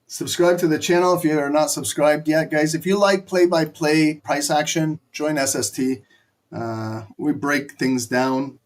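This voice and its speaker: Brief: male live-stream trading host, fairly high voice, excitable and profane play-by-play. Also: a little slow. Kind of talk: live market commentary.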